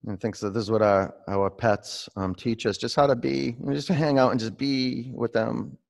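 A man's voice: medium pitch, fairly even intonation, moderate pace, vocal fry. A man leading a live-streamed yoga class, giving pose cues between rambling, laughing asides. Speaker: yoga teacher.

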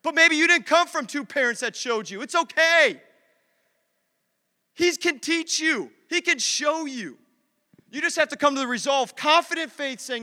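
A man's voice: very high voice, lively intonation, normal speed, pauses often, pushed and bright. A male pastor preaching a sermon in a church, fervent and conversational, driving points home with repetition. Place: church sanctuary. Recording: long church-hall reverb.

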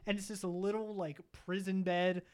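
A young man in casual podcast chat, rambling through a profane, animated story. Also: sits high, normal speed, smooth.

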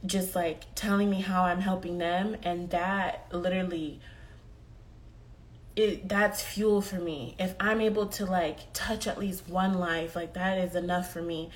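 A young woman giving a heartfelt motivational talk to her viewers, earnest and often repeating herself as she speaks. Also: lowish voice. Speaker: vlogger.

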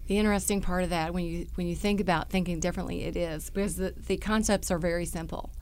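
A woman's voice: on the low side, fairly even intonation, fast, darkish tone. A woman hosting a podcast, talking in an affirming, conversational way.

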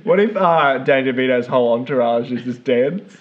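A man's voice: mid-range voice, lively intonation, a little fast, lo-fi sound. A man, co-hosting a podcast in casual chat and laughing often between short reactions. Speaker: podcast co-host.

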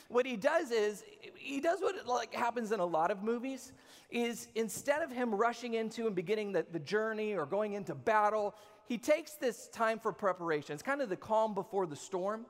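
A man in his thirties preaching a sermon as a pastor, casual and joking, talking straight to his audience. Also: high-pitched. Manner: conversational, jokey, talks to the audience. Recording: long hall reverb.

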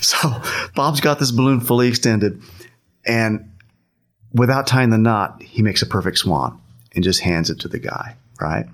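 Man, lowish voice, casual storyteller, chuckles a lot, animated retelling. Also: moderate pace. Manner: laughs often while telling, repeats himself, acts out quotes. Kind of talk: casual anecdote telling.

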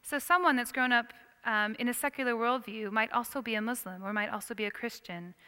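A woman lectures to a class in a lively, engaging way, stopping often to put questions to her listeners. Her voice sits a little high and is crisp and smooth, with a bright edge. A long reverb trails each phrase, as in a large hall. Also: brisk. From United States. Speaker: Christian teacher.

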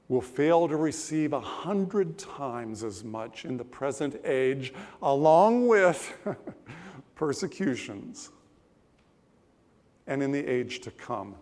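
A male pastor preaching a sermon in a relaxed, conversational way, with pauses and asides. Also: medium pitch. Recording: long church-hall reverb.

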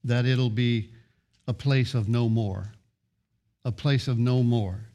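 A man's voice: medium pitch, fairly even intonation, slow, dark tone. Man preaching in rhythmic, emphatic lists. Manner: emphatic preaching with repeated restarts; builds rhythmic lists of short phrases. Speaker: pastor. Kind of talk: sermon.

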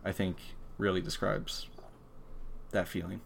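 A man's voice: sits low, level tone, unhurried, creaky, slight background noise. A man co-hosting a podcast, chatting casually and bluntly about video games and swearing freely. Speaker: podcast co-host.

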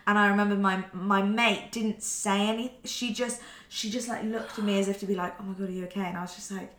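A woman's voice: medium pitch, steady tone, fast, fairly bright tone. A young woman from Wales telling personal stories in a casual chat, with lots of fillers and restarts. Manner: chatty storytelling, many fillers and restarts. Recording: echoey room.

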